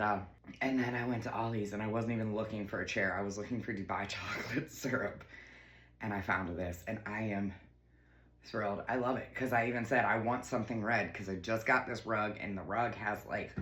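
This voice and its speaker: A woman chatting casually through a home vlog, bubbly and gushing, slipping into a high baby-talk voice for her cat. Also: steady tone, moderate pace. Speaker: lifestyle vlogger. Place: home kitchen and living room.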